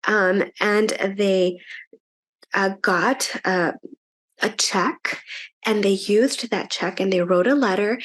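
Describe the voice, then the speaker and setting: A woman telling a children's story at church in an animated, chatty way, with frequent fillers. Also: medium pitch, takes it slowly.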